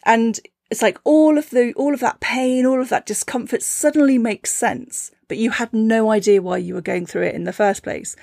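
A woman hosting a reflective teaching talk, gentle and encouraging, with a playful storytelling manner. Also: on the high side, fairly even intonation, normal speed, gravelly, dry recording, clean studio sound. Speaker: podcast host and spiritual teacher.

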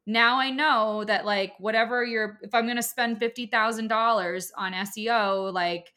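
Speaking at a normal speed with a fairly high, fairly even voice and a sharp tone, a woman in her thirties talks casually on a podcast. She owns a business and creates courses, and her chatty, emphatic delivery is full of "like" and other filler words.

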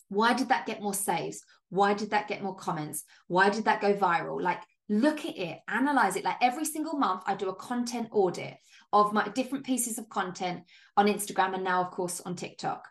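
Woman host, mid-pitch, punchy pep-talk delivery, casual swearing, chatty fillers. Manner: upbeat, emphatic, casual swearing; chatty with frequent "like" and laughs. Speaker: podcast host and business coach. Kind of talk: solo podcast monologue.

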